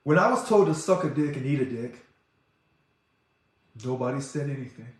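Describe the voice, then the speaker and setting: A man speaking as an organization president in an impassioned monologue, talking fast and loud when he gets excited. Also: mid-range voice. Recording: very echoey room.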